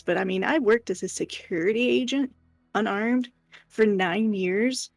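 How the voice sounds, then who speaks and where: A woman chats on a live stream, telling a work story with animated exasperation and the odd curse. Her voice has a gravelly, fry-laden edge, and the sound is close and dry with faint music under it. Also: medium pitch, dry recording. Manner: exasperated, animated retelling with profanity. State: hiccuping. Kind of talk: casual chat, storytelling.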